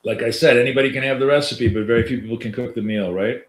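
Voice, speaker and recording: A man's voice: medium pitch, fairly even intonation, quick pace. A man with a nasal voice, giving loose, chatty live trading commentary to viewers as a coach, with lots of fillers and restarts. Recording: roomy echo.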